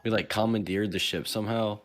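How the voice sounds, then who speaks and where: A man player in an online tabletop game, pitching bold, reckless plans in casual chat. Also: fairly even intonation, fairly quick, faint music behind.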